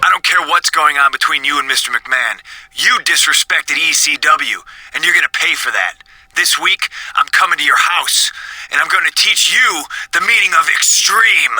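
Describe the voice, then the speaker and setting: Vengeful game wrestler, sharp husky voice, dry. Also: male voice, fairly high pitch, moderate pace, dry recording, exaggerated voice, poor audio. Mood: threatening. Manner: threatening, intense. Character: vengeful male wrestler, threatening.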